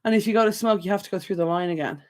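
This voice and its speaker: A woman's voice: mid-range voice, very fast. Rambling, chatty Irish woman. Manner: chatty, rambling rants with lots of fillers. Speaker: channel host. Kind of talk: live stream chat with viewers. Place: home desk. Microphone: desk camera mic.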